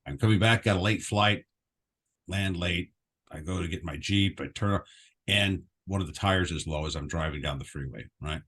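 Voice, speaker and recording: A man's voice: low-pitched, a bit bright, slightly rough. A man co-hosting a podcast in easygoing casual chat, laughing and restarting sentences. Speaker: podcast co-host. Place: lives in Texas.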